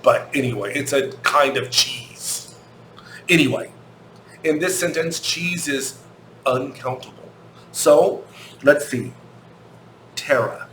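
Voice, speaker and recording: An American man gives a children's English lesson, speaking very slowly and repeating each question. He spells words out letter by letter. The recording has an echoey room sound with a faint hum behind it. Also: mid-range voice, fairly bright tone. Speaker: English teacher.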